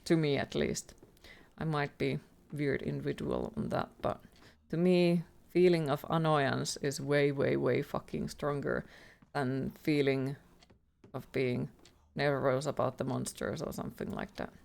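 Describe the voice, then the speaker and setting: A woman's voice: a bass voice, steady tone, measured pace, creaky, darkish tone. Profane ranting woman streamer. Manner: ranting, heavily profane, exasperated. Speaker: livestreamer playing a horror game. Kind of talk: live gameplay commentary.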